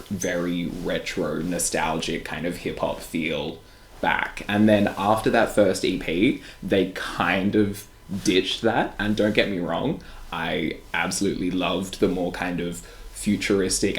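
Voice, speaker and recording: Chatty Australian reactor, low voice. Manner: chatty, rambling, full of "like" fillers. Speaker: music video reactor and dancer. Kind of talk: casual reaction commentary. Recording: roomy room with faint music.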